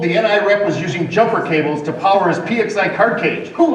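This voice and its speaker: A man's voice: high voice, fast, very noisy. A man appearing as a guest on a live stage show, bantering playfully with comic setups and punchlines. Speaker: guest executive. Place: large event hall with audience. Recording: echoey hall from far off, crowd behind.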